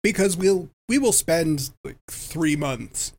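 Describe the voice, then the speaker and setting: A man chatting casually on a livestream, giving quick back-channel replies, laughing along and swearing casually. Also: a little high, expressive, gravelly, darkish tone. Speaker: podcast co-host.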